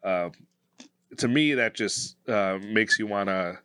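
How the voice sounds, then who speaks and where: Man, podcast co-host, low voice, bright tone, hesitant, dry room. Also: takes it slowly, clear, resonant tone, no echo. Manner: hesitant, many fillers. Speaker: podcast co-host, police officer. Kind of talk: casual podcast conversation.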